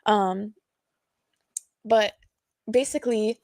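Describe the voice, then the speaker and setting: Tearful young woman with a gravelly voice. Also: mid-range voice, steady tone, drawn-out words, a little mellow, no room sound, clean studio sound. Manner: slangy, rambling, tearful, many fillers. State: nervous, sweating. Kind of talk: emotional personal story to viewers.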